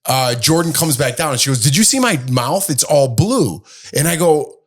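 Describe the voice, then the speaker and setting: A man in his thirties co-hosting a casual podcast, telling a rambling story and acting out quotes with lively voices. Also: fairly high pitch, normal speed. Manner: rambling, animated storyteller who acts out quotes. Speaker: podcast co-host.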